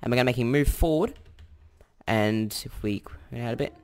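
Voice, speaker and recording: A man's voice: medium pitch, normal speed. A young Australian man giving a casual coding tutorial, thinking aloud and correcting himself as he types. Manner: chatty and self-correcting, thinks aloud while typing. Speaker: tutorial host.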